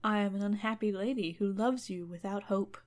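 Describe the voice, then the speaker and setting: A woman's voice: medium pitch, a little fast, close to an everyday voice. A woman doing a haughty lovesick old fairy. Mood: overwrought. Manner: dramatic, disdainful, pleading. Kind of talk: comedic storytelling reading.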